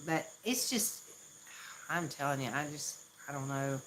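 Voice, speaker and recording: A woman's voice: sits low, lively intonation, measured pace, fairly bright tone, a little hiss or hum, rough recording. A woman from the Southern US with a Southern accent, chatting casually on a live stream, laughing often and poking fun at herself. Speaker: livestream host.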